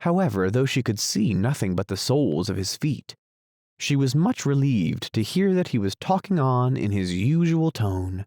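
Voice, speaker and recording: A man reads a classic storybook aloud in a measured, even way. His low voice carries a gravelly texture, and the recording is close and dry. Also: no room sound. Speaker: audiobook narrator. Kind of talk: storybook narration.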